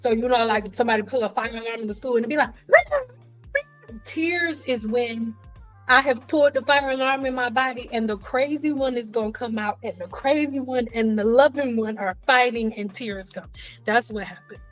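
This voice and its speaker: A woman with a fairly high voice hosts a casual livestream chat, animated and blunt, talking straight to her viewers. She acts out the voices she quotes. Faint music plays behind her. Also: fairly quick, muffled recording. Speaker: livestream host. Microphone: computer mic on a livestream.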